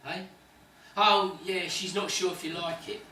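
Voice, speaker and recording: A woman's voice: fairly low pitch, steady tone, a little slow, pushed and bright. A woman playing an earnest, homesick married man in a hospital bed, pleading about his wife and children. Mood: tender. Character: devoted married male patient, homesick. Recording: echoey room, distant mic, faint noise.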